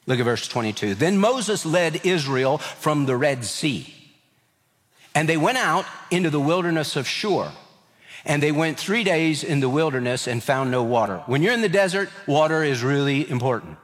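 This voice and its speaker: Male pastor, slightly high voice, expressive sermon delivery, long hall reverb. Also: moderate pace. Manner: animated, acts out scripture voices with rising pitch.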